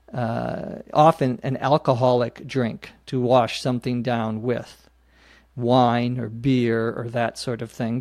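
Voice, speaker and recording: A man's voice: medium pitch, darkish tone, no echo, clean studio sound. A man hosting an English-learning podcast, explaining phrases patiently and spelling words out letter by letter. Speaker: podcast host teaching English. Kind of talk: slow explanatory teaching.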